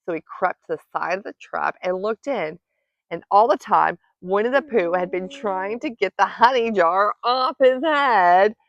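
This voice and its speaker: Gentle woman reading bedtime story, a bit of fry, dry and kinda muffled. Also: mid-range voice, unhurried, no echo. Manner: soft, cozy, expressive. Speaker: storytime reader. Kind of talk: gentle bedtime read-aloud narration. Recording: dull lo-fi dry recording.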